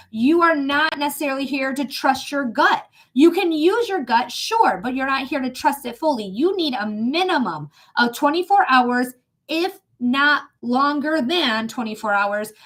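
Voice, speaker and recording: A woman hosting a live psychic reading stream, giving chatty, emphatic advice with quick asides. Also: high voice, fairly bright tone. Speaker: psychic reader and livestream host.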